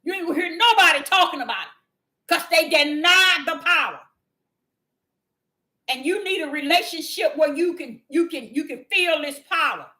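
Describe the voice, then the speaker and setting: A woman preaching an impassioned sermon in a fervent, scolding manner that rises to shouting. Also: high voice, animated, normal speed. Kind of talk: impassioned street-style sermon.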